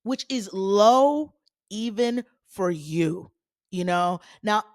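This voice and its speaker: A woman hosting a solo commentary podcast, talking in a sassy, animated way with playful asides to her listeners. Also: mid-range voice, drawn-out words, no echo, clean studio sound. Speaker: podcast host.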